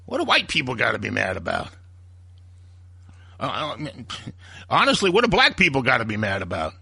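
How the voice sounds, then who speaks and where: A man's voice: mid-range voice, very animated, normal speed, creaky, bright, forceful tone, breathy edge, dry recording, clean studio sound. A man hosting a talk radio show, delivering a heated, opinionated rant. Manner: ranting, heated, acts out quoted voices.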